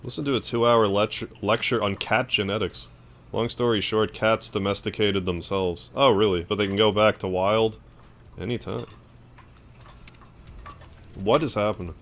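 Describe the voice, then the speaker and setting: A man with a Canadian accent streaming a game, chatting casually and thanking viewers with excitable outbursts. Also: on the low side, moderate pace, long pauses. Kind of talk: casual gameplay commentary, thanking chat.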